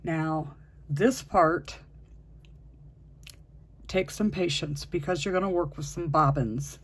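Unhurried crochet instructor with a slightly husky voice, patiently counting stitches aloud in a step-by-step tutorial. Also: mid-range voice.

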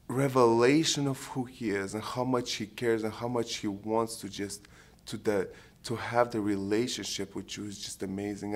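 A man of around thirty from Ukraine, giving an earnest, heartfelt personal faith testimony, often pausing to search for words. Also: fairly low pitch. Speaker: program participant giving testimony.

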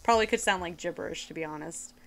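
A woman's voice: fairly low pitch, fast, vocal fry. A woman streamer chatting casually while she plays a game, giggling often and sometimes slipping into a playful put-on accent-like voice. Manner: talks to chat and other players while playing. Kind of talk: casual live gaming chat.

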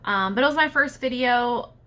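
A woman's voice: fairly high pitch, normal speed, pushed and bright. Frustrated young woman venting to camera. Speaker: vlogger. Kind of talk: personal vlog monologue.

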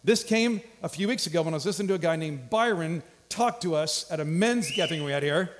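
Upbeat pastor in an echoing church. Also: male voice, on the high side, animated, quick pace, slight background noise. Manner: upbeat, joking. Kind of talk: church announcements and introduction. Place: large church hall. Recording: hall reverb from a church stage.

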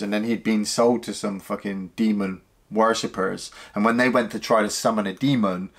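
A man co-hosting a casual film review podcast, animated and swearing freely. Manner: animated, swears casually, mimics lines in a high voice. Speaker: podcast co-host reviewing films.

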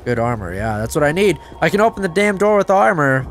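A man giving casual let's-play commentary, excitable, talking to himself and swearing, with sudden yelps of surprise. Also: a little high, brisk, a little hiss or hum. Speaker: gameplay commentator.

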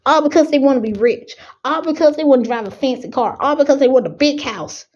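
A woman's voice: high voice, brisk, a little mellow, rough recording. A young adult woman, preaching with rising fervor and fighting back tears. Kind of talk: impassioned preaching.

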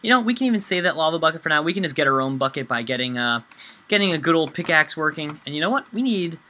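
A man's voice: on the high side, big pitch swings, quick pace, bright, forceful tone. A young man hosting a let's play, rambling and self-mocking as he plays, and swearing when he panics. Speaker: gaming channel host.

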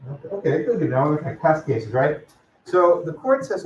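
Lively male professor in an echoey classroom. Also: a little high, brisk. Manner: lively, casual, calls on students by name. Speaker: law professor. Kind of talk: classroom lecture with questions to students. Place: lecture classroom. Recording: distant, echoey, dull classroom recording.

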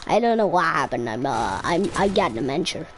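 A woman giving casual gameplay commentary in a loud, trash-talking way, swearing often and flipping between yelling and muttering. Her pitch bounces around a lot, and there is a faint hiss behind her. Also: poor audio. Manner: crude, rambling, swears and trash-talks; excitable, quick swings between yelling and muttering. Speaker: gaming streamer.

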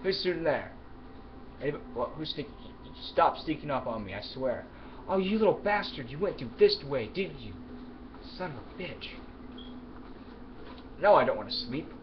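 A man casually commenting on his own game play, swearing and yelling at the game's characters, then mumbling as he loots. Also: on the high side, sing-song, moderate pace, long pauses. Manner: mumbling asides while looting. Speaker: gamer. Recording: dull lo-fi mic with clear background noise.

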